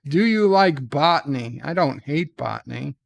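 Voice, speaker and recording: A man hosting his show in casual chat, reading quiz questions aloud and answering with dry, deadpan humor. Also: normal speed, gravelly, dry recording. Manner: reads questions brightly, answers low and mumbled. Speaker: show host. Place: at home.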